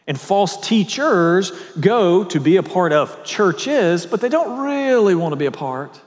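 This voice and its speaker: A man preaching a sermon as a pastor, reading scripture slowly and telling stories with quoted dialogue. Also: high-pitched, lively intonation. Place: church sanctuary. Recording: long reverb in a church hall.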